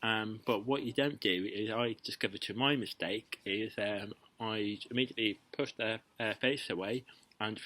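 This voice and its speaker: A man's voice: on the low side, moderate pace, bright, forceful tone, no room sound, low-quality recording. A young man giving casual, playful dating advice to camera, chatty and full of ums and restarts. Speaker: vlogger giving dating tips.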